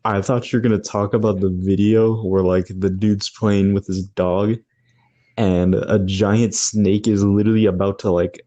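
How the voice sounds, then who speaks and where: A young man co-hosting a podcast, tossing in quick offhand remarks in casual chat. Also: lowish voice, flat delivery, mellow. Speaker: podcast co-host. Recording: dull lo-fi mic.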